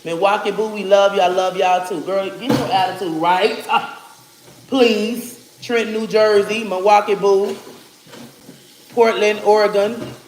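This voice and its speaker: A man's voice: high voice, fairly even intonation, measured pace, background noise. A man hosting a casual livestream on a phone, rattling off viewers' hometowns with loose, friendly asides and endearments like "baby". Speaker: livestream host. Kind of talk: casual livestream shout-outs.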